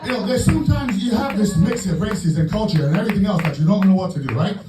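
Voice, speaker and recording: A man doing a stand-up set in a comedy club, brash and profane with loud punchlines. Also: sits high, expressive, fast, over loud music. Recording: roomy club sound from far off with crowd. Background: audience laughing.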